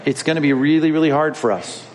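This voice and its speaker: A man's voice: fairly high pitch, fast talker, slight background noise. Emphatic man preaching in a reverberant hall. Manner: conversational, emphatic preaching with pointed direct address. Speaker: pastor. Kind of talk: sermon.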